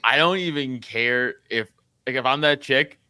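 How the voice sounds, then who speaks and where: A man with a bright, forceful voice talks in loose podcast banter. He is crude and laughs a lot, stumbling and restarting as he goes. The sound is dry and close. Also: mid-range voice, normal speed, clear, resonant tone, no echo. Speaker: comedian guest.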